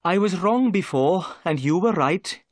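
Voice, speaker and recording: A man's voice: sits high, big pitch swings, measured pace, no echo, clean studio sound, voice pushed up, exaggerated voice. A man doing a humbled police inspector. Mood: remorseful. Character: humbled middle-aged male police inspector. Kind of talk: read-aloud story voice.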